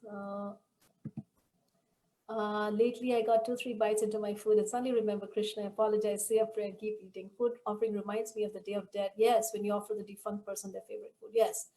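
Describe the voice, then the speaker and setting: A woman hosting an online scripture study group, leading the discussion and telling stories in an animated way over a video call. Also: mid-range voice, fast talker. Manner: animated storyteller. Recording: roomy echo.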